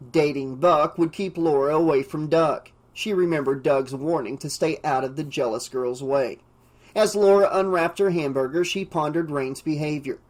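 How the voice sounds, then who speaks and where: A man reading an audiobook, narrating the story in a steady, even way. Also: on the high side.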